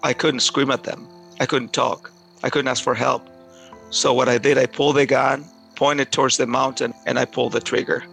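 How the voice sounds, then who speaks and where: Halting man with a gravelly voice. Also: mid-range voice, flat delivery, over music, poor audio. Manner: halting, repeats words and restarts often. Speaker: storyteller. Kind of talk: personal story told aloud.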